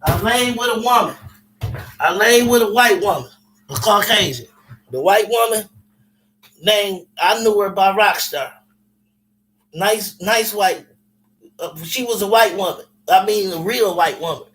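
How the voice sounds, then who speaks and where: A man with a high, bright voice, telling stories in casual chat. He is animated and profane and keeps repeating himself for effect. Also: poor audio. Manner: animated, repetitive, profane, quick to laugh. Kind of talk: casual storytelling.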